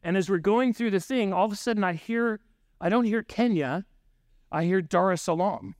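High-voiced pastor telling stories. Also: male voice, moderate pace, no room sound, studio quality. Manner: conversational, frequent "right?" asides, acts out dialogue. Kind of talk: sermon with storytelling.

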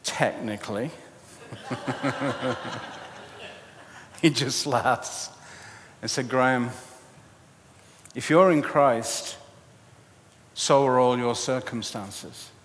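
A man's voice: mid-range voice, drawn-out words, long pauses, slight background noise. Man preaching in a reverberant hall. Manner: animated storytelling, self-mocking humor. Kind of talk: sermon with personal story.

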